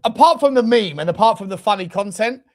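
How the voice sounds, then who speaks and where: A man co-hosting a casual football podcast, excitable and jokey. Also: sits high, fast talker. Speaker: podcast co-host.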